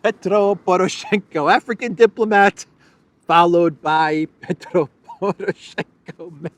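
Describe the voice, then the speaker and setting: Slow, sarcastic male commentary host. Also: high-pitched, steady tone, dry recording. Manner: sarcastic, laughing, drawn-out emphasis, playful asides. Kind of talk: casual political commentary.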